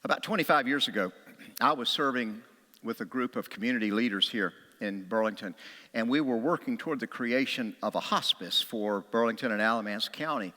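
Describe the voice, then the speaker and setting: A man's voice: mid-range voice, fairly quick. A middle-aged man preaching a sermon as a pastor, telling stories and acting out quotes with a raised voice or a whisper. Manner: animated storytelling, acts out quotes with a raised voice or a whisper. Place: church sanctuary. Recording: long hall reverb.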